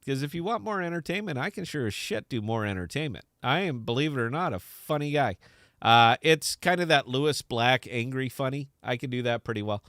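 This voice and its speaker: A man's voice: mid-range voice, expressive, fairly quick, fairly bright tone, no echo, clean studio sound. Brash, profane male podcast host. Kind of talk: casual unscripted chat.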